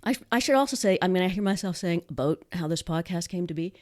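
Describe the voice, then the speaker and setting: Chatty Nova Scotian woman, lowish voice. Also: animated, fast, a little mellow. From Canada. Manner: chatty, laughs easily, many restarts. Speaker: podcast co-host. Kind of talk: casual podcast chat. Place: home.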